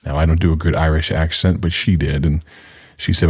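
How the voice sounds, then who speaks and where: A man in his thirties or forties with a very low, deep voice, hosting a radio ministry program. He talks in an earnest, conversational way as an evangelist, setting up a story before a sermon. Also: level tone, moderate pace, slightly rough. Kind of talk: radio ministry broadcast introduction.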